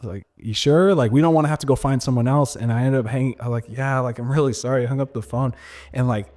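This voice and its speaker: A man's voice: medium pitch, fast, darkish tone. A young man from San Diego, a DJ guest in a casual interview, telling a story animatedly with many fillers, restarts and laughs. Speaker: guest DJ and producer.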